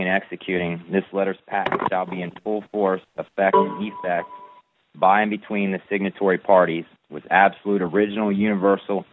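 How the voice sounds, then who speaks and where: A deep-voiced man reads a formal declaration in a slow, deliberate recitation, listing one phrase after another. His voice comes through a thin, tinny line that sounds like call-in radio. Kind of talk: reading a formal declaration aloud.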